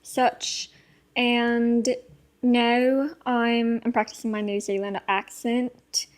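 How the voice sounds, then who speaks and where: A young woman chats as a podcast co-host, giggling often and rambling with plenty of filler words. Her voice sits on the higher side. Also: level tone, takes it slowly. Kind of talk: casual chat.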